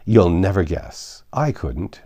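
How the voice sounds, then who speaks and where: A man's voice: sits low, expressive, slow pace, dark tone, heavily acted. A man playing a haughty, careless unicorn. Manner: disdainful, offhand.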